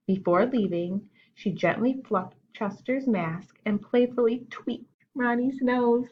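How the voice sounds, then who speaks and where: Teacher lady reading a kids book out loud, asks the kids stuff as she goes, kinda muffled audio. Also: a little high, takes it slowly, a little hiss or hum. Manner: asks questions to the kids, explains words. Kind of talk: children's storytime read-aloud.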